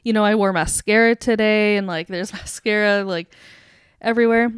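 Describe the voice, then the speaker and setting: A young woman co-hosting a podcast, telling a story in a casual, animated way, laughing and acting out quotes. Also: mid-range voice, moderate pace, smooth, no room sound, clean studio sound. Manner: animated, giggly, acts out quotes. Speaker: podcast co-host.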